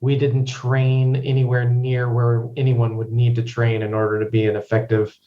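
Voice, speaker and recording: A man guesting on a podcast, chatting casually in an easygoing, measured way. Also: mid-range voice, completely flat delivery, echoey room, dull audio. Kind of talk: casual chat.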